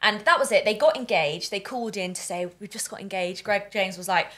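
A woman's voice: mid-range voice, fairly quick, pushed and bright. A young woman, co-hosting a casual podcast chat in an upbeat, chatty way. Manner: chatty, upbeat, says "like" often. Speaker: podcast co-host.

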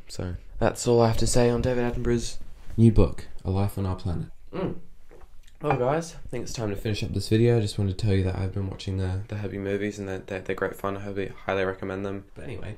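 A man's voice: lowish voice, a little mellow. A man vlogging in a rambling, jokey way, going off on tangents. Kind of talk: rambling casual vlog.

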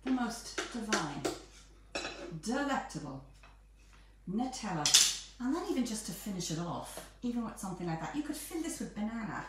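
A woman's voice: medium pitch, very animated, normal speed. A woman hosting a live home baking demonstration, chatting playfully as she cooks. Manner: chatty, playful, bubbly asides. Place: home kitchen. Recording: echoey kitchen, distant mic, faint noise.

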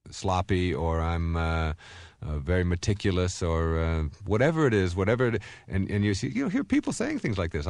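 A man in his fifties giving a recorded self-help lecture, telling stories in an animated way and acting out the voices he quotes. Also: deep voice, no echo. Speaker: motivational speaker.

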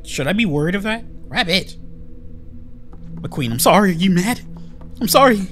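Male gamer, high lively voice, loud and profane, hammy mock-dramatic reactions. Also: moderate pace, faint music behind. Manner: loud, excitable, swears often, mock-dramatic pleas. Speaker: gaming channel host. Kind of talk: let's play commentary.

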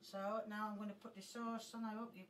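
A woman's voice: medium pitch, flat delivery, a little hiss or hum. Woman rambling through a home cooking video. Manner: halting, rambling, with fillers and restarts. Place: home kitchen.

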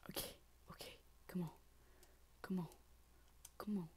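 A woman's voice: lowish voice, steady tone, unhurried, darkish tone. Woman muttering through gameplay commentary. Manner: mutters and whispers to herself, with sudden frustrated outbursts. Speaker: gaming channel host.

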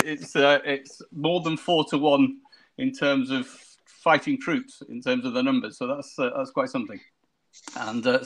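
A man hosting a casual video-call chat, cracking jokes and restarting his sentences as he goes. His voice is bright and forceful and sits a little high. He rambles but keeps things moving. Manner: jokey, rambling with many restarts. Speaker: wargaming show host.

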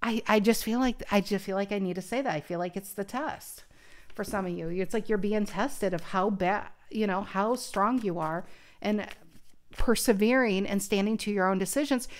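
An earnest woman talks through a tarot spread in a casual, conversational way. She thinks out loud, restarting her sentences often. Her voice sits at an ordinary mid pitch. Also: moderate pace. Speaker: tarot card reader. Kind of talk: casual tarot reading to camera.

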